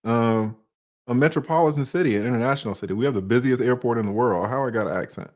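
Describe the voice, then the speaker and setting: A man's voice: mid-range voice, fast, darkish tone. A man in his forties with a Southern US accent talks straight to his viewers in a loose, conversational monologue. He sits in the middle of the male range and keeps asking himself questions before answering them. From Atlanta, US South. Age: 40s. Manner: conversational, poses rhetorical questions, uses slang. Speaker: online commentator. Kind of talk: casual monologue commentary.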